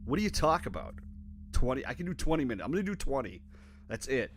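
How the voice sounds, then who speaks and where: A man's voice: mid-range voice, sing-song, quick pace, a little hiss or hum. A man from Minnesota hosting a rambling, profane, self-deprecating solo podcast while playing guitar. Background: his own guitar playing.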